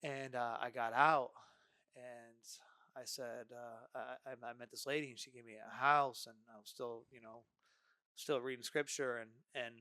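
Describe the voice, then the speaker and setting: Casting: male podcast guest, lively storyteller, dry close mic. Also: mid-range voice, moderate pace, clear, resonant tone, dry recording. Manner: animated, acts out dialogue, frequent "right?". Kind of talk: casual storytelling.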